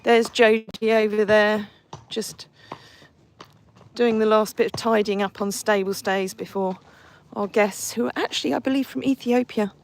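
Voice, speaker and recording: A woman's voice: medium pitch, steady tone, normal speed, slight background noise. A woman hosting a casual live stream from horseback outdoors, reading viewer comments and cooing and scolding her horses in between.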